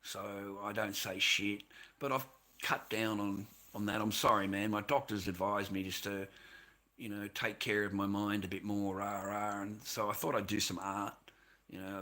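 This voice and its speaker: Male livestream host, bright cutting tone, rambling and profane venting. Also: on the low side. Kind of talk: unscripted livestream rant.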